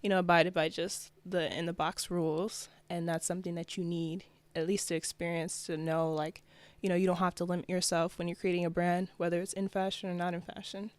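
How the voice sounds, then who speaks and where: A woman's voice: fairly low pitch, level tone, a little fast, few pauses, dry recording. A young woman from New Jersey, a fashion designer, talking as a guest in a casual interview, chatty and upbeat with lots of "like" and "you know".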